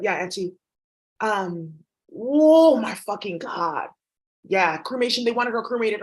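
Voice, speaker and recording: A woman's voice: mid-range voice, animated, measured pace. A woman vlogger talking in a rambling, blunt, profane monologue. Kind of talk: casual monologue.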